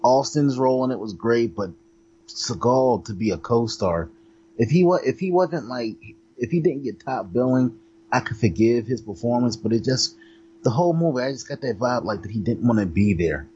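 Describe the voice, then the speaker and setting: A man co-hosting a casual movie chat, measured and hedging as he weighs his opinion. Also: mid-range voice, animated, mellow. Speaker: podcast co-host. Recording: dull mic with faint hum.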